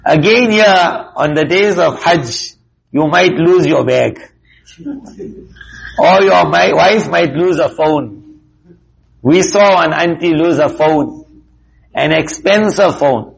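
A man giving a religious lesson, telling stories slowly and deliberately and acting out the quoted speech of the people in them. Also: fairly high pitch, vocal fry, low-quality recording. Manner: slow, deliberate, acts out quoted speech in a lively way. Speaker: Islamic teacher. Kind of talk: religious talk with storytelling.

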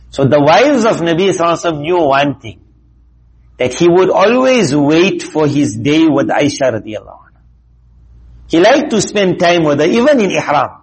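A man giving a religious lesson, telling stories slowly and deliberately and acting out the quoted speech of the people in them. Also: a little high, vocal fry, husky, rough recording. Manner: slow, deliberate, acts out quoted speech in a lively way. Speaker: Islamic teacher. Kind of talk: religious talk with storytelling.

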